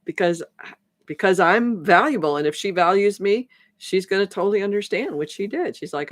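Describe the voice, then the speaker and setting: A woman's voice: mid-range voice, lively intonation, a little fast, no room sound, studio quality. A woman transformation coach talking on a live stream, rambling with many restarts as she acts out conversations. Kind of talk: live-stream talk to viewers.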